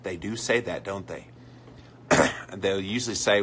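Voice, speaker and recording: Male live-stream host, lower voice with a bright forceful edge, chatty and reactive. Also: unhurried, slight background noise. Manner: conversational, reads out comments and reacts with mock voices. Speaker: health podcaster hosting a live stream. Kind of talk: casual live-stream chat answering viewer comments.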